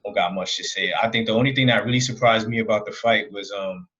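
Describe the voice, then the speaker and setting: A low-voiced man chats about boxing in an easygoing, hesitant way and often agrees with his co-host. His voice is husky. His audio sounds dull and muffled, like lo-fi remote sound. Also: quick pace, a bit bright. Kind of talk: casual chat.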